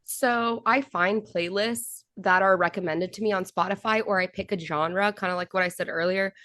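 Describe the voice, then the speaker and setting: Animated Texan woman podcast guest. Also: mid-range voice, no echo, clean studio sound. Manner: animated, gossipy, quick to laugh. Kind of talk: casual chat.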